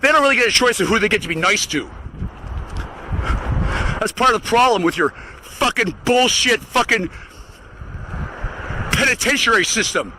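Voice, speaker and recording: A man delivering an angry, profanity-laden rant while walking outdoors, often breaking into shouts. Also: sits high, animated, normal speed, long pauses, a little hiss or hum, rough recording. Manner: shouting, furious, swearing constantly. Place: outdoors, walking to get the mail.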